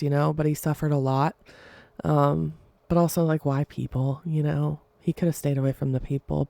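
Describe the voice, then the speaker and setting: A young adult woman hosts her own podcast, chatting alone in a rambling way and laughing often. Her voice sits low and a little mellow, with vocal fry, and the recording has no room sound.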